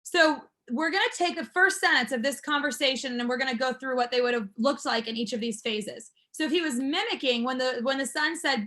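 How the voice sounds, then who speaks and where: Upbeat woman teacher leading a class, really bright voice, walks through it step by step. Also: high-pitched, a little fast, few pauses. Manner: upbeat, encouraging, explains step by step. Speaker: martial arts school instructor.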